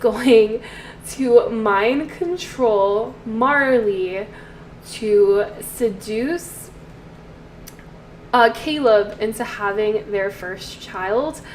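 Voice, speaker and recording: A woman casually talking through her game, inventing a story as she plays. Her voice sits fairly high, and she speaks at an unhurried, drawn-out pace. Fillers and pauses break up her chatty storytelling. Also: slight background noise. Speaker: let's play host.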